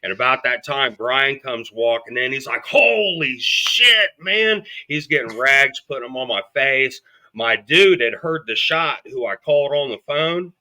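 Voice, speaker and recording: A man's voice: medium pitch, moderate pace, bright, forceful tone. A man as a podcast guest, telling his story bluntly and with lots of swearing, acting out what people said. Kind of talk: storytelling in an interview.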